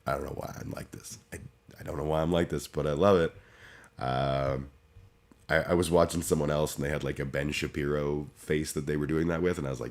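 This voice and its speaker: A man's voice: a bass voice, fairly even intonation, moderate pace. A man chatting casually on his livestream, rambling and self-deprecating with lots of restarts. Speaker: streamer.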